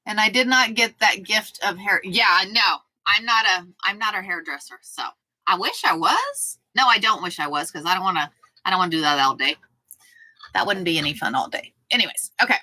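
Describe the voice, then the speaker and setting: A chatty woman hosts a sewing livestream, with a bright, forward tone. She talks casually, greets viewers by name and fusses over her dog. The sound is dry and close, with little room echo. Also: mid-range voice, brisk.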